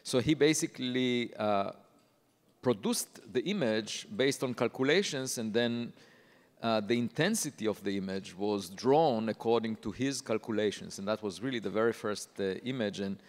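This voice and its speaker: A man with a lowish voice introduces the keynote speaker, pausing often on uhs as he reads out titles. The sound carries a long hall reverb, as at a conference banquet. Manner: hesitant, many uhs. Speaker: conference host.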